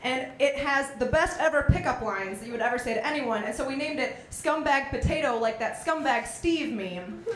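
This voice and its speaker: A young woman in her twenties performing a stand-up comedy set, telling stories with quick voiced asides. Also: sits high. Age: young adult. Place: small college comedy venue. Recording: echoey room with faint noise.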